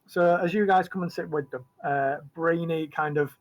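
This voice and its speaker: Rambling game master. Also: male voice, fairly high pitch, fairly even intonation, normal speed, rough recording. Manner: rambling, full of fillers and restarts. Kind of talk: narrating a tabletop game.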